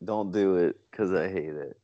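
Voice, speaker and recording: A man's voice: low voice, moderate pace, mellow, no echo. A man co-hosting a podcast in casual chat, making short, blunt, dry remarks. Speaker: podcast co-host. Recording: dull lo-fi sound.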